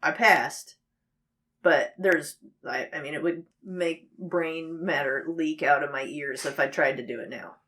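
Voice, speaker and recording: A woman in her late thirties co-hosting a casual podcast chat, an animated storyteller who acts out the people she quotes. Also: low voice, unhurried. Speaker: podcast co-host.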